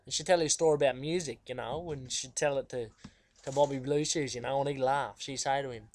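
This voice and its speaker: A man's voice: medium pitch, fairly even intonation, fast talker, lightly acted. A man with an Australian accent playing a cheeky, laid-back guitarist who rambles in slang in a comic interview. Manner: rambling, slangy, full of fillers. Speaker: musician being interviewed. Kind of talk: comedic character interview.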